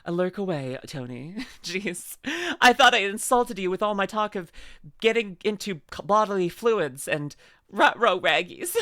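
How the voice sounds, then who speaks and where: A woman streamer chatting through a video reaction in a giggly, rambling way, stopping to read her chat aloud. Her pitch leaps around constantly. The sound is dry and close, with no room around it. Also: animated, measured pace, pushed and bright, no echo. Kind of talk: casual live-stream reaction commentary.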